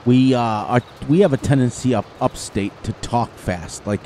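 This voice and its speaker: A man's voice: medium pitch, noisy background. A man with an upstate New York accent giving chatty gameplay commentary, laughing often and breaking into bits of song. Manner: chatty, quick to laugh, sings snatches of songs. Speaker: gaming channel host.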